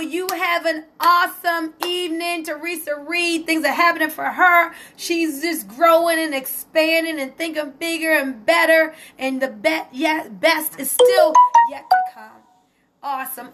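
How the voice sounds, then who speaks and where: Excited high-voiced woman. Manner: excited, emotional, talks to viewers and reads their comments aloud. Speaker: network marketer hosting a live stream. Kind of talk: casual Facebook Live testimony.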